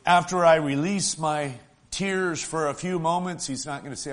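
A man preaching a sermon, talking in a folksy way to the congregation and swinging between loud, stretched-out lines and soft, hushed ones. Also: fairly high pitch, steady tone, moderate pace. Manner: emotional, swells loud then drops soft; folksy, asks the congregation "right?".

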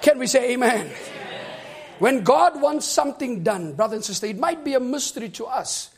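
Very high-voiced fervent shouting preacher. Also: male voice, expressive, normal speed, some chatter behind. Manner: fervent, shouting, calls for amens. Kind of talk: sermon.

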